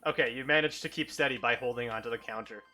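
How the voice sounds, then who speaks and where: A man's voice: medium pitch, pushed and bright, faint music behind. A man running an improvised tabletop game as dungeon master, narrating loosely and calling for rolls. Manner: quick, loose, calls for rolls.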